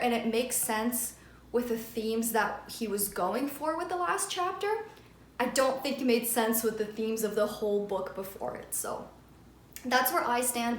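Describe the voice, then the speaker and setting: A woman's voice: a little high, roomy sound, a little hiss or hum. A woman book vlogger talking casually about what she has read, chatty and full of filler words. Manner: chatty, lots of "like" and "friggin'". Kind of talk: casual chat.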